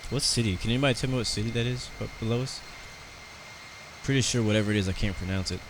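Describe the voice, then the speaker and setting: A man's voice: lowish voice, fast talker, background noise. An American man chatting casually and rambling through live commentary on his flight sim stream, talking to his viewers.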